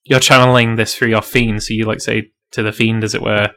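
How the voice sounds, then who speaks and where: A man's voice: fairly low pitch, flat delivery, brisk, pushed and bright. A man narrating a tabletop role-playing game as game master, casual and full of fillers, laughing often.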